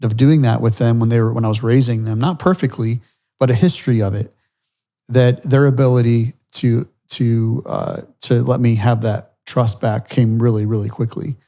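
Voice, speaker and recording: A man's voice: mid-range voice, fairly even intonation, moderate pace, dark tone. A middle-aged man co-hosting a faith-based podcast, speaking reflectively and earnestly, often restarting his sentences. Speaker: podcast co-host.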